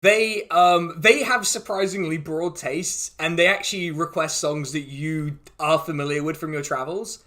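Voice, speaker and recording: A man's voice: on the high side, normal speed, hardly any pauses, bright, forceful tone. A man running a tabletop game as game master, rambling loosely and laughing often.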